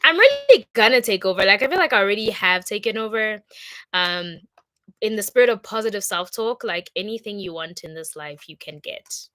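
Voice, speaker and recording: A woman's voice: medium pitch, sing-song, a little fast, fairly bright tone, no echo. A young woman from Congo chatting casually and upbeat on a livestream, with plenty of fillers. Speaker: content creator.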